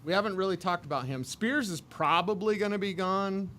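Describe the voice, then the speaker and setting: A man's voice: high-pitched, brisk, fairly bright tone, a little hiss or hum. A man hosting a sports radio show, giving confident, upbeat takes on football players.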